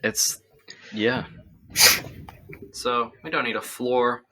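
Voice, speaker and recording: A man's voice: medium pitch, sing-song, slow pace, creaky, bright, forceful tone, rough recording. A young man co-hosting a podcast, chatting casually and joking while showing his restoration project. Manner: joking, laughs often, trails off with ums. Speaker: podcast co-host presenting his vehicle restoration. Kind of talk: casual chat.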